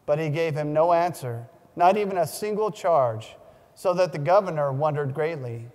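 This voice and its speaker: Solemn high-voiced man reading in a church. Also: darkish tone. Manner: solemn, measured reading with small restarts. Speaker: scripture reader. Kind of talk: liturgical Gospel reading. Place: large church. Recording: long church reverb.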